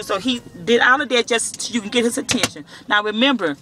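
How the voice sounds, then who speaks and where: A man's voice: very high voice, fairly quick, few pauses, noisy background. A man telling a story to the camera in casual, profane speech, acting out the dialogue. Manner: profane, animated, acts out dialogue. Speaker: vlogger.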